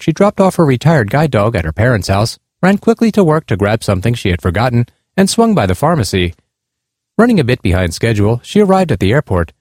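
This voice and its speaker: A man earnestly reading aloud a personal essay about his blind parents' experiences, in a measured tone. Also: medium pitch, a little mellow, no room sound, clean studio sound. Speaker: speaker on disability awareness.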